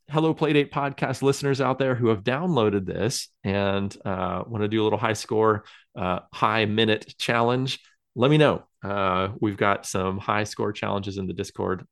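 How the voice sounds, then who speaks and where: A man co-hosting a podcast, chatting casually and rambling with many fillers and small laughs. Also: lowish voice. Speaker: podcast co-host. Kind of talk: casual chat.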